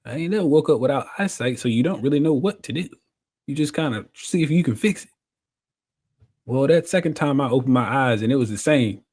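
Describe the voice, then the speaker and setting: A man telling his story in a casual chat, animated and laughing often as he acts out what people said. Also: mid-range voice, a little fast, breathy edge.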